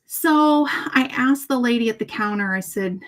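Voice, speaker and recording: A middle-aged woman hosting a casual chat, telling a story and acting out the dialogue in lively voices. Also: on the high side, normal speed. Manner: chatty and animated, acts out dialogue with shifts in tone. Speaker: host.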